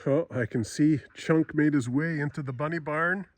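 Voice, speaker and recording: Chatty farmer, fairly high voice. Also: male voice, normal speed, dry recording. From Canada. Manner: chatty, talks sweetly to his animals in a raised pet voice. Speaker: farmer and vlogger. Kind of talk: casual vlog narration. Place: barn on a farm.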